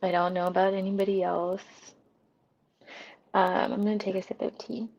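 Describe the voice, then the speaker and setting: A woman's voice: medium pitch, flat delivery, darkish tone, highs cut off. A woman hosting a casual live stream, reading viewer comments aloud and giving relationship advice with frequent laughter. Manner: laughs often, drawn-out reactions, many ums. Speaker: livestream host.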